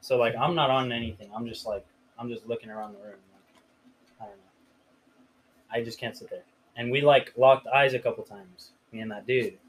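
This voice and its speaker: A young man from the Riverside area tells a story in a laid-back, rambling way, swearing freely and leaning on filler words. His voice sits at an ordinary middle pitch. A faint hiss runs under the recording. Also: steady tone, brisk, rough recording. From Riverside area, California. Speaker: podcast host. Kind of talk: casual storytelling chat.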